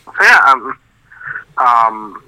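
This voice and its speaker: Bright, dry-sounding man on a phone line. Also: medium pitch, very animated, dry recording. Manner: halting, filler-heavy, blunt and dismissive. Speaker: podcast co-host. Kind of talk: casual wrestling opinion chat.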